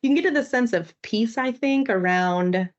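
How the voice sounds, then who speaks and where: A woman's voice: a little high, moderate pace, dull audio. A woman co-hosting a podcast, telling a personal story earnestly and often asking "right?". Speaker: podcast co-host. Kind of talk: reflective podcast conversation.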